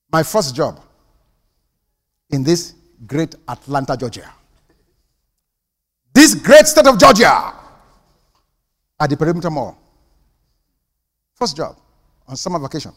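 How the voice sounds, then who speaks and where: An older male pastor preaching in a church with a high, animated voice. He drops to hushed asides and then bursts into loud punchlines. The sound carries a long reverb from the hall. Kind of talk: sermon.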